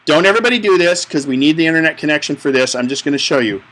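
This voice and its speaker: Guy teaching a phone class, kinda high, bright voice, jokey and chatty. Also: lively intonation, racing, poor audio. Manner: joking, chatty explainer to a live class. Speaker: tech class instructor. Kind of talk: hands-on tech class instruction.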